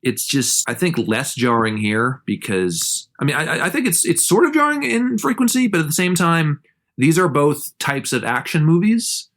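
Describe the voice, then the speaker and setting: A man's voice: wildly swooping pitch, normal speed, a bit bright. A man co-hosting a podcast, talking through a film in a casual, rambling way with many restarts. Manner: rambling, with frequent restarts and sudden jumps in pitch. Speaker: podcast co-host.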